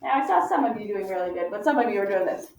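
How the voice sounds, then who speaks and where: A woman teacher leading a phonics lesson for young children, patient and encouraging, stretching out sounds slowly for them to follow. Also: mid-range voice, lively intonation, darkish tone. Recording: echoey, distant, muffled classroom audio.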